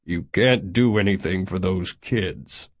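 A man voicing a dour, grumbling older man who speaks curtly and low. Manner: curt, grumbling, slow and low.

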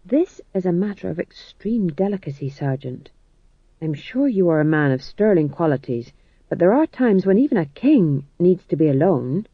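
A man's voice: high-pitched, very animated, moderate pace, husky, dry recording, narrow, tinny audio, heavily acted. A man voicing a fussy, polite young male king in an audiobook reading. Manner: prim, plaintive. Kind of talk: audiobook narration.

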